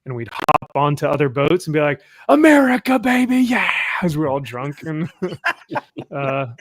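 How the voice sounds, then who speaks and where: A man's voice: on the high side, unhurried, a bit bright, dry recording, clean studio sound. A young man from California hosting a casual livestream chat, joking, laughing often and reading viewer comments aloud. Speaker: livestream host.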